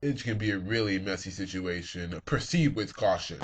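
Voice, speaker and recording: A man's voice: sits low, moderate pace, husky. A young man in a casual comedic monologue, acting out both sides of his own exchanges in raised voices. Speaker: vlogger.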